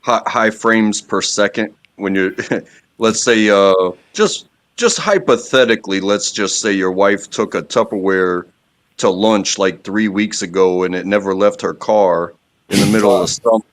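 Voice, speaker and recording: A man's voice: fairly low pitch, measured pace. A married man on a panel chat who tells rambling, funny anecdotes full of fillers. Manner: rambling storyteller with dry jokes. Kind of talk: casual chat.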